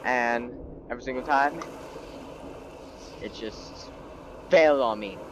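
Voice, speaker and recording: A man talks over his own gameplay in a slow, unhurried way, sounding self-mocking and fed up. His voice sits at an ordinary pitch, with steady noise running behind it. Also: lo-fi sound. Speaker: gameplay video creator. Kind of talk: gameplay commentary.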